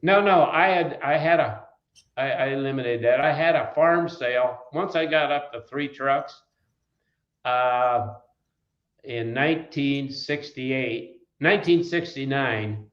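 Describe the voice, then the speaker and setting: Here the Wisconsin trucking company founder talks a little slowly in a mid-range voice. As an interview guest, the older man tells folksy, meandering stories about his early days, often restarting sentences and jumping between anecdotes. Echo fills the room, and the recording is somewhat dull.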